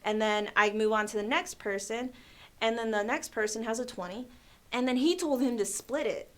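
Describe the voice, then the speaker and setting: A young adult woman hosting a casual livestream, telling stories in an animated way, laughing often and saying "like" a lot. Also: fairly high pitch, moderate pace. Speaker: livestream host. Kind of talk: casual storytelling chat.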